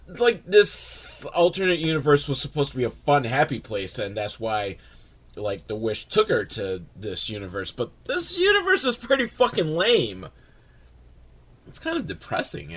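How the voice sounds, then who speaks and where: A man's voice: on the low side, a bit bright. A man giving a sarcastic, rambling, profane comedic recap of a movie, full of mocking asides. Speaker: movie reviewer.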